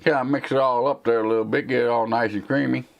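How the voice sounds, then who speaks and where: Casting: Southern American man, middle pitch, live stream host, rambling and sarcastic, slight slur. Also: steady tone, fast, vocal fry. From United States. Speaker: tech channel host.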